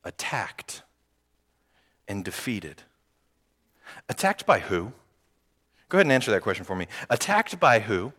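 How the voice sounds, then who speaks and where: A man preaching a sermon as pastor, lively and joking with the congregation. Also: on the low side, a little slow, pauses often. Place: church sanctuary. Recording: long hall reverb.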